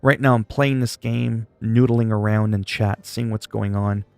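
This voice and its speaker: Gravelly-voiced man chatting on a livestream. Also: on the low side, fairly even intonation, a little slow, darkish tone, dry recording. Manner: joking, rambling, reads chat aloud. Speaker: gaming livestreamer. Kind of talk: casual livestream chat.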